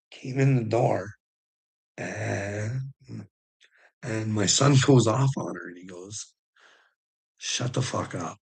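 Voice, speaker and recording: Gravelly slow-talking middle-aged man. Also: fairly low pitch, a little mellow, poor audio. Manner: profane, rambling, laughs often. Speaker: livestreamer. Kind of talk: casual live rant.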